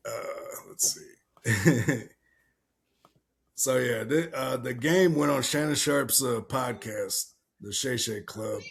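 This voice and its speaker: A man's voice: mid-range voice, creaky, slightly rough. A young adult man hosting a podcast, talking bluntly and loosely while reacting to a video clip. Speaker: podcast host. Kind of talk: casual chat reacting to a clip.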